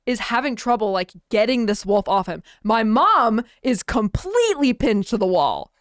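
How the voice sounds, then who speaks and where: A young woman co-hosting a college radio podcast, telling a story in an animated, laughing way with lots of "like". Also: fairly high pitch, normal speed, no room sound, clean studio sound. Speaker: podcast co-host. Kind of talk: casual storytelling chat.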